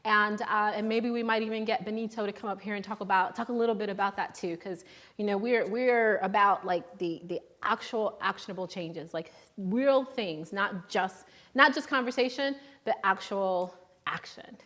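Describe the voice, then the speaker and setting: A woman's voice: mid-range voice, moderate pace, fairly bright tone. A young adult woman hosting a live shopping show, chatting casually and upbeat, often restarting her sentences.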